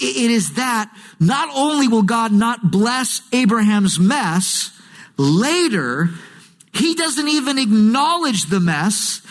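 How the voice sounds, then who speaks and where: A man preaching a sermon as pastor, storytelling with humor and acting out quoted voices. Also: high-pitched. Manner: animated, switching into quoted voices. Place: church sanctuary.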